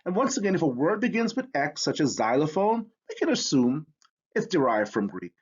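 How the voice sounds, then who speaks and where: A man's voice: fairly high pitch, very animated, a little fast, slightly rough, dull audio. A man teaching a spelling lesson, explaining with enthusiasm. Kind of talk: educational lesson.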